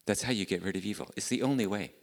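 Low-voiced pastor preaching. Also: male voice, rapid-fire, big-room sound. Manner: earnest, conversational preaching with repeated rhetorical questions. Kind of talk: sermon. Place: church.

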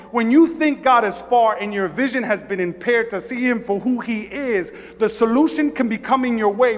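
A man preaching a sermon as pastor. He swings from hushed, slow passages to shouted pleading, often repeating phrases and stammering on restarts. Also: high voice, long reverb tail.

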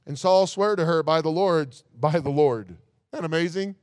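A man's voice: a little high, moderate pace, a little mellow, no echo, clean studio sound. A man preaching a sermon, reading scripture aloud and breaking off with rhetorical asides.

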